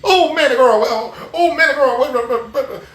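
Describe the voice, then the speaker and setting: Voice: sits high, moderate pace, fairly bright tone, reverberant. A livestream host chatting casually to viewers in a sassy, emphatic way, repeating phrases for effect. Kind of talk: casual live commentary to viewers.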